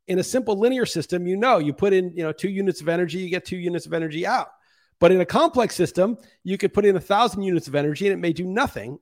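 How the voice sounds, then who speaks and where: A middle-aged man hosting a solo podcast, delivering an impassioned, profane rant. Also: high voice. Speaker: podcast host. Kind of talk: monologue podcast commentary.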